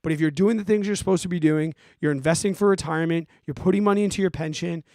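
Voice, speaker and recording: A forty-year-old man hosting a podcast, ranting in an animated, exasperated way and giving casual advice to listeners. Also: on the high side, quick pace, no echo, clean studio sound. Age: 40s. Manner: animated, exasperated, emphatic, swears. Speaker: podcast host answering listener questions.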